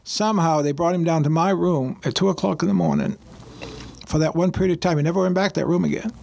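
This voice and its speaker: A man who is a pastor, telling a personal story on a radio show in an earnest, halting way with many restarts. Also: a little high, darkish tone. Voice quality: gravelly, husky voice.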